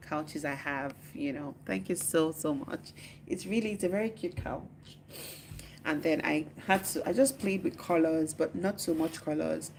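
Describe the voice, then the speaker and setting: A woman's voice: low-pitched, darkish tone, a little hiss or hum. A Nigerian woman in her living room, chatting casually on a phone live stream, teasing viewers and answering their comments aloud. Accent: Nigerian English.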